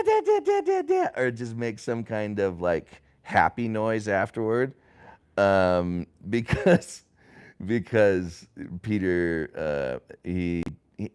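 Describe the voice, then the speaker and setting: A man's voice: low-pitched, darkish tone, clean tone. A man hosting a casual family livestream, rambling with lots of fillers and restarts.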